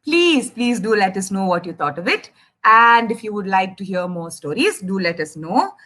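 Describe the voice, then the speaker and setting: A young Indian woman telling a children's story, animated and chatty, speaking straight to the kids listening. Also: mid-range voice, normal speed. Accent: Indian English. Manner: animated, addresses kids directly.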